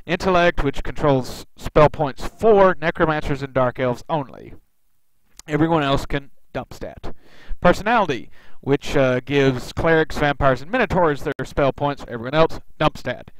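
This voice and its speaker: A man's voice: fairly high pitch, lively intonation, moderate pace, rough recording. Wry, rambling man playing a game. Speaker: let's play host. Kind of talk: casual gameplay commentary.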